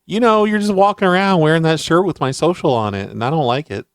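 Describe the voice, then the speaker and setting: A man hosting a show and making deadpan, mock-serious prank phone calls. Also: fairly high pitch, fast talker, dry recording, clean studio sound. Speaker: prank caller and show host.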